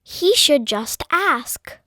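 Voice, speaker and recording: Bright, very slow-speaking woman. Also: high voice, animated, dry recording, studio quality. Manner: slow, careful, clear. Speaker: lesson co-presenter answering activities. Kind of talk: reading answers for children.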